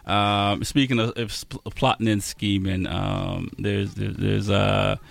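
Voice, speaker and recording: A man hosting a radio show in casual chat, talking in a halting way with frequent restarts. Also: on the low side, level tone, gravelly, no echo.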